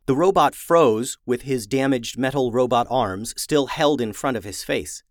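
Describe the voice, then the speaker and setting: A man reading a children's adventure story aloud in a lively, expressive way. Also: medium pitch, unhurried, dry recording, clean studio sound. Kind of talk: storybook read-aloud for kids.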